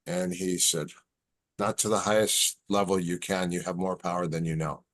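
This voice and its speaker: A man's voice: sits low, moderate pace. A man in casual podcast chat, telling stories and acting out the dialogue. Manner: relaxed storyteller, acts out quoted dialogue. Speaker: podcast guest.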